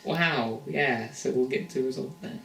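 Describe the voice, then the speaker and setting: A man's voice: medium pitch, a little slow, gravelly, bright, forceful tone, slight background noise. A man in a casual reaction chat, watching a show and reacting with surprised exclamations. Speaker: reaction video viewer. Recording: roomy, off-mic, TV music playing.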